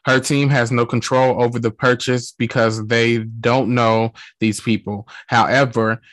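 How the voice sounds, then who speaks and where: Man host, slow measured pace, dry close audio. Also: mid-range voice, flat delivery, fairly bright tone, no room sound. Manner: reads news then asks his guest. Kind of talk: casual chat.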